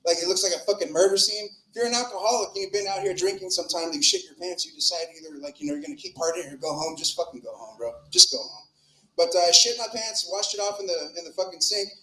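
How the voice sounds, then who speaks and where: Fast-talking crude stand-up comic, high voice. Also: male voice, sharp tone. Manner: crude, rambling, profane. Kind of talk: open-mic stand-up set. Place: comedy club stage. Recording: echoey club room.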